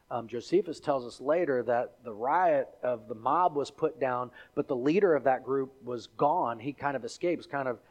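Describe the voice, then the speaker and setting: With a mid-range voice, this pastor brings a sermon's story to life, performing the characters and the crowd with lively energy.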